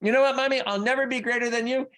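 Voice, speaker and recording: A man's voice: very high-pitched, steady tone, rapid-fire, a bit bright, pitched above the performer's own voice. A man voicing a small daughter who is desperate to please her mother, in a sweet, pleading, childlike way.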